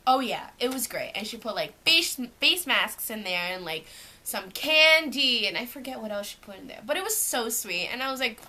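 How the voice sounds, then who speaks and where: A young woman from Canada, chatting at home about what is in her bag. Her voice is bright and a little high, and she rambles with plenty of "like." The tone is a casual vlog. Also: expressive, moderate pace. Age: young adult. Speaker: vlogger. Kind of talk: casual show-and-tell vlog. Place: at home, indoors.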